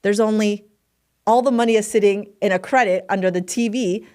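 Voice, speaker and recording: A woman, a manifestation coach, telling a story in a casual podcast chat, animated and swearing freely. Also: medium pitch, brisk.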